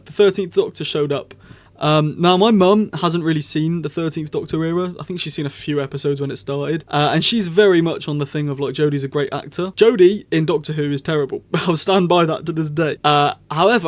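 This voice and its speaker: A man giving a casual spoken review, rambling and excitable, often correcting himself mid-sentence. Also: fairly high pitch. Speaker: video reviewer.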